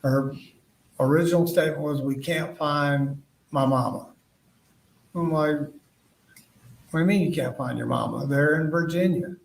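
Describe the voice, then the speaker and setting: A man's voice: on the high side, creaky. Man testifying from far in an echoey courtroom. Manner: halting, retells conversations in quoted dialogue. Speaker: witness testifying at trial. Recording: echoey room, voice far from the mic.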